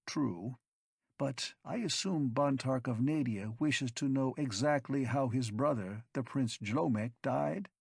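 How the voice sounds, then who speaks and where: A man's voice: mid-range voice, slow pace, vocal fry, slightly rough, no echo, clean studio sound, heavily acted. A man doing an unctuous, sly vagabond. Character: greedy cowardly male vagabond schemer.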